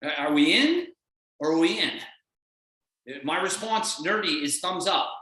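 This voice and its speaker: A man's voice: on the high side, measured pace, sharp tone, very echoey, far from the mic, low-quality recording. A man giving a blunt, emphatic motivational talk as a performance coach on a call.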